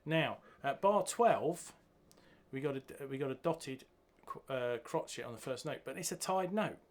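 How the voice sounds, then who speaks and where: A man teaching a bass guitar piece, counting beats and singing the rhythms aloud as he goes. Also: expressive, normal speed. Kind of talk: music lesson walkthrough. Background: bass guitar playing.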